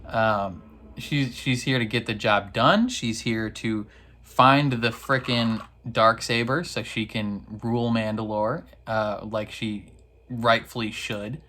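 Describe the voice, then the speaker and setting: A man's voice: lowish voice, steady tone, takes it slowly, bright, forceful tone. A man hosting a reaction video, recapping an episode in casual slang with frequent laughs. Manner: slangy, laughs a lot, acts out characters in silly voices; rambling with fillers and restarts.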